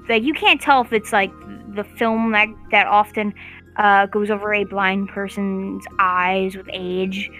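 A woman's voice: medium pitch, bright, forceful tone. A woman running a tabletop game as game master, narrating in a rambling way with many likes and uhs.

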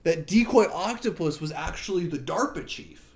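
A man's voice: normal speed, gravelly. A man in casual podcast chat, animatedly retelling a game's story and acting out characters' lines. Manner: animated, acts out characters' lines with big jumps in pitch.

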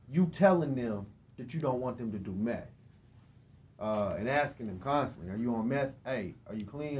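Low-voiced laid-back male podcast host. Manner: prompting, laid-back questions. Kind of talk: casual interview chat. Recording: dull lo-fi audio with faint noise.

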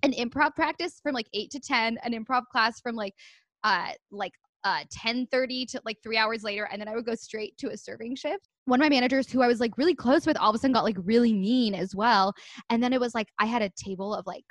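A woman telling a story in casual chat, animated, with many fillers and frequent laughter. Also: fairly high pitch, quick pace, no echo.

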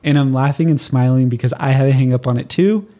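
A man from Southern California with a Californian accent, hosting a solo podcast in a casual, animated teaching style, often laughing and acting out his listeners' reactions. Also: medium pitch, quick pace. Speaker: podcast host.

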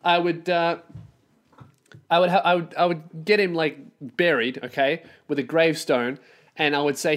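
A man's voice: on the high side, fairly even intonation, moderate pace, a bit bright. A man, hosting a solo podcast and ranting in a profane, exasperated, sarcastic way. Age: 20s. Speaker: podcast host.

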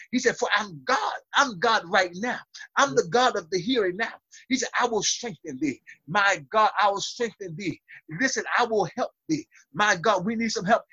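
A man's voice: high-pitched, bright, forceful tone, breathy edge, no room sound, dull audio. A man preaching a fervent sermon over a video call, building to call-and-response. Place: small room.

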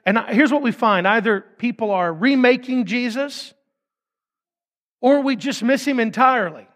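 A man's voice: very high-pitched, normal speed, fairly bright tone. A man, preaching a sermon, reading scripture and breaking into joking asides and acted-out voices. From Fort Smith, Arkansas. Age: 30s. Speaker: pastor. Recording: long hall reverb.

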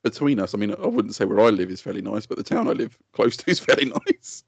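A man's voice: lowish voice, very animated, fast talker, vocal fry, slightly rough, no echo. A man co-hosting a podcast, teasing his friend and laughing often in casual chat. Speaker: podcast co-host. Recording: dry muffled podcast mic.

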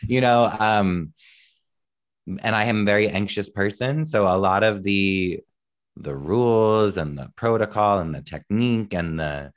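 A man with a deep voice and measured pace, a musician and actor, appears as a podcast guest. In a casual interview chat he tells stories in an earnest, self-deprecating way.

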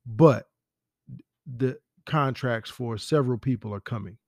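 A man's voice: medium pitch, a little slow, no echo, clean studio sound. A man hosting a podcast, talking in a rambling, profane, conversational way. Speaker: podcast host. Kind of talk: casual solo commentary.

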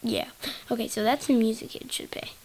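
A woman's voice: on the high side, fairly even intonation, fast talker, a little mellow, low-quality recording. A woman hosting a solo podcast, rambling in a silly, giggly way and jumping from topic to topic. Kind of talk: rambling casual monologue.

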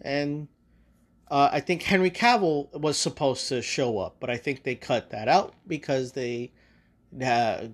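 A man hosting a podcast, casually retelling a movie's plot in a rambling, profane way. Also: mid-range voice. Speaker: podcast host. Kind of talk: casual spoiler review.

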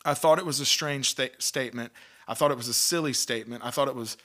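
A man's voice: medium pitch, fast, sharp tone. A man, hosting a devotional podcast in an earnest, emphatic way, often repeating words and restarting sentences. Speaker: podcast host, Christian teacher.

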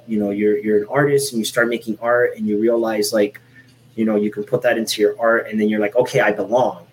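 A man's voice: on the low side, a little hiss or hum, low-quality recording. A man in his forties from Miami, Florida, talking candidly and at length in a casual podcast chat, with lots of "like" and "you know" and some swearing. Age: 40s. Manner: candid, rambling, swears freely.

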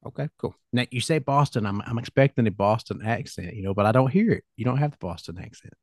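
A middle-aged man with a country Southern accent, hosting a podcast and telling relaxed, rambling stories. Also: medium pitch, fast talker, no echo, studio quality. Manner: relaxed, rambling anecdotes with fillers. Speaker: podcast host. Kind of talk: casual podcast chat.

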